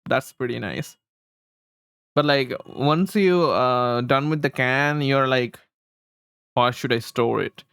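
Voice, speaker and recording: A man's voice: medium pitch, slow pace, gravelly, pauses often, a bit bright, clean tone, no room sound. A man livestreaming, rambling casually to his chat with frequent chuckles while he fiddles with settings.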